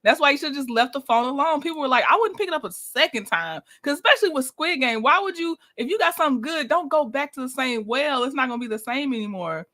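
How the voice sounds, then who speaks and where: A woman's voice: sits high, expressive, quick pace, hardly any pauses, bright, forceful tone. A woman hosting a casual livestream, chatting with viewers, greeting them by name and laughing often as she reviews a reality show.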